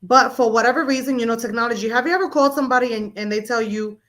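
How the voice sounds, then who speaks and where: Woman co-host with a somewhat high voice; blunt, profane, lively storyteller in casual chat. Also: racing. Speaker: podcast co-host.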